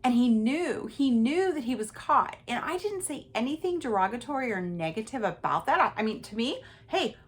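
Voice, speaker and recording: A woman hosting a podcast, telling a personal story in an animated, emphatic way and talking straight to her listeners. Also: a little high, moderate pace, few pauses. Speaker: podcast host.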